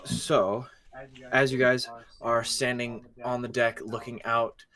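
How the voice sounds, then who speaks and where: A man narrating as game master of a tabletop role-playing game, describing scenes in an animated way. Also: medium pitch, takes it slowly.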